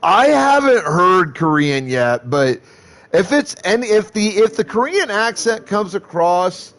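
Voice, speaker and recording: High, lively-voiced male streamer. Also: slow. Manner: rambling, profane, with frequent restarts. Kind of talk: casual live-stream chat.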